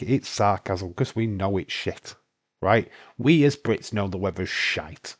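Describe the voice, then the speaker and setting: Young Scottish streamer, lowish pitch, congested, rambling and sweary, casual chatter. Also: male voice, expressive, unhurried. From Britain. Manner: rambling, sweary, laughs often. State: congested from hay fever. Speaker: live-stream host. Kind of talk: casual live-stream watch-along chat.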